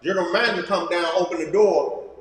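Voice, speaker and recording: A man in a study group retelling a news story with excitement. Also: high voice, quick pace. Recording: very echoey hall with long reverb.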